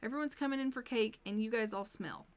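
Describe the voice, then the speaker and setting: A woman's voice: on the high side, quick pace, close to an everyday voice. A woman voicing a fussy young mother hosting a tea party, exasperated as she shoos the dogs away.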